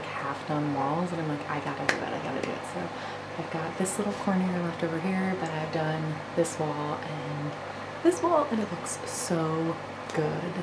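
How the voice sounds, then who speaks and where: A woman's voice: deep voice, very noisy. A woman chatting casually in a home vlog, thinking aloud with lots of "like" as she paints her living room. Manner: hushed at night. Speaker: homestead vlogger.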